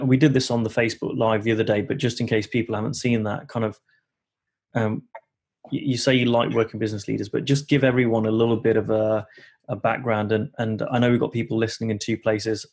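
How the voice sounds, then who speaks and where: A man's voice: fairly low pitch, vocal fry, darkish tone. A man hosting a live coaching webinar over a video call, talking casually with many fillers and restarts.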